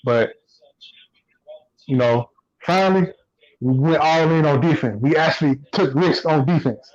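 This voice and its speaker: A man co-hosting a casual sports podcast, relaxed and repeating himself as he thinks. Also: a little high, measured pace, dull audio. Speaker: podcast co-host.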